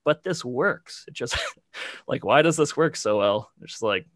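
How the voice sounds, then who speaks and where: A man's voice: medium pitch, animated, measured pace, fairly bright tone, no echo, studio quality. A man co-hosting a podcast, talking casually and rambling with lots of "like" and "you know". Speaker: podcast co-host. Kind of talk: casual chat.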